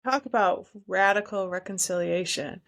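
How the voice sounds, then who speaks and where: A woman's voice: medium pitch, moderate pace, vocal fry, a bit bright. A woman hosting a podcast, chatting casually and reacting to her guest. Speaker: podcast host. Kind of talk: casual chat.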